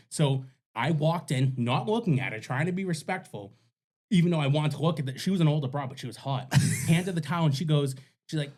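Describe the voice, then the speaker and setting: A man, telling a story in a loose, crude way. He talks at a middle pitch and laughs often as he speaks. He sounds like a casual podcast co-host. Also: a little mellow.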